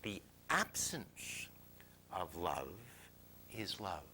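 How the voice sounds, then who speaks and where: A man telling a personal story to a live audience, confessional and animated, dropping to near whispers and rising loudly, often laughing. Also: deep voice, extremely slow, slight background noise, low-quality recording. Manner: confessional, swings from hushed to loud, laughs often.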